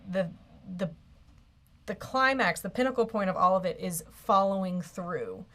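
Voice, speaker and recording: A woman's voice: medium pitch, expressive, unhurried, fairly bright tone. A woman co-hosting a live call-in marriage advice show, speaking earnestly with small restarts. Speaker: marriage coach co-host.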